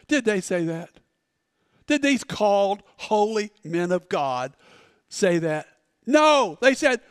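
A male pastor delivers a storytelling sermon, dropping to quiet asides and then rising to loud, dramatic peaks. His high, clear voice moves at an unhurried pace. The mic is close and dry, but a long church reverb trails after him. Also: expressive. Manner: storytelling preacher, swings from loud shouts to hushed asides. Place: church sanctuary.

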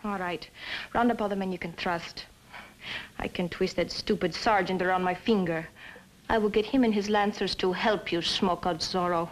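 A woman's voice: fairly low pitch, fairly even intonation, normal speed, slight background noise, natural voice, rough recording. A woman playing an imperious scheming wife. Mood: commanding. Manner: commanding, cold. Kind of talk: 1950s TV drama acting.

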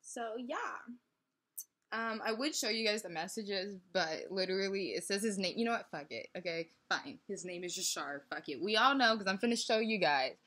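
A young woman tells a story straight to her camera, acting out both sides of an argument and laughing often. Her voice has a husky, breathy edge, and the talk runs loose and casual. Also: medium pitch, expressive, normal speed, a bit bright. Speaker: vlogger.

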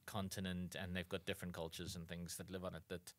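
A man's voice: sits low, flat delivery, fast talker, a bit bright, dry recording. A South African man co-hosting a podcast, explaining at length with dry jokey asides and frequent restarts. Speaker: podcast co-host. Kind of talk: casual chat.

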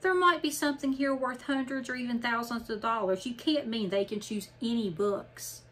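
A woman's voice: a little high, normal speed, fairly bright tone, pitched above the performer's own voice. A woman voicing a grumpy, blunt old male book appraiser in an audiobook reading. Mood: indignant. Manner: gruff, blunt, dismissive.

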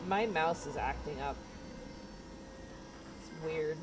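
A woman's voice: low-pitched, takes it slowly, slight background noise. A woman live-streaming a video game, chatting casually and playfully with viewers and friends.

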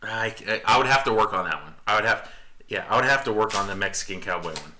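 A man's voice: lowish voice, expressive, fast talker, bright, forceful tone. A middle-aged man hosting a family live stream, telling jokey stories and reading out viewer comments. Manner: playful, jokey storyteller who reads out viewer comments. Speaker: family vlog host and dad. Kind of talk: casual live-stream chat.

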